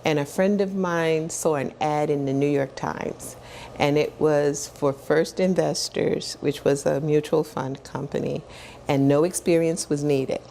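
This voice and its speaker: A woman in her sixties, a guest in an interview, telling her story with animated energy, acting out what others said and often laughing. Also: low voice, a little slow, gravelly, slight background noise. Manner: animated storyteller who acts out quoted dialogue and repeats words as she builds up.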